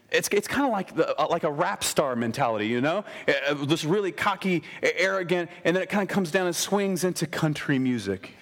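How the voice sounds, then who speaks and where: A middle-aged man delivering a conversational sermon, his voice sitting a little higher than most men's. He preaches in an animated way and talks straight to the people in front of him.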